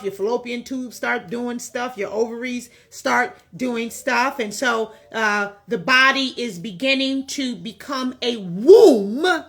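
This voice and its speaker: A woman's voice: on the high side, bright, forceful tone. A woman hosting a vlog, talking in a blunt, frank casual monologue with many fillers, recorded on a phone. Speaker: vlog host.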